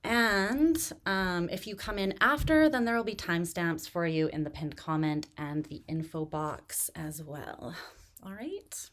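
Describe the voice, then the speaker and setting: A woman hosting a tarot live stream, chatting in a relaxed, rambling way with many fillers, still recovering from pneumonia and pacing herself to catch her breath. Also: fairly low pitch, measured pace. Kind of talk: casual live-stream chat.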